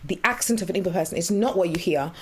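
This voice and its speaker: A woman's voice: on the low side, quick pace, darkish tone, slightly rough. A woman co-hosting a podcast, chatting casually and enthusiastically, often repeating herself for emphasis. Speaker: podcast co-host. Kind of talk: casual chat.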